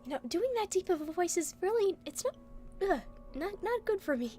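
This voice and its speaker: A young woman with a very high voice chats casually with her stream audience. She giggles constantly and keeps hiccuping between sentences. Soft music plays faintly behind her. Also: big pitch swings, brisk. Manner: giggly, laughs often. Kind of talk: casual chat.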